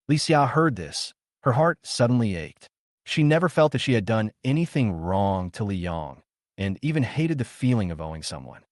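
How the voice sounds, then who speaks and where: A man narrating a dramatic story recap in an expressive way. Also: on the low side, moderate pace, dry recording, clean studio sound.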